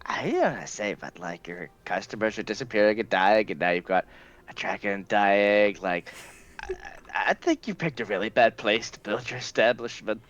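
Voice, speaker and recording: A man's voice: fairly low pitch, lively intonation, moderate pace, fairly bright tone, lo-fi sound. A man playing a tabletop game, speaking in a hesitant, sheepish way. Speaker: player.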